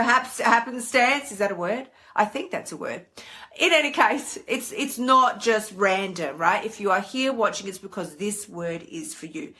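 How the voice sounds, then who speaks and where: A woman hosting a live stream, talking in a chatty, animated way and leaping into high voices when she acts out her inner thoughts. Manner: chatty and animated, with big pitch swings for acted inner voices. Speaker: host. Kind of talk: casual live-stream monologue.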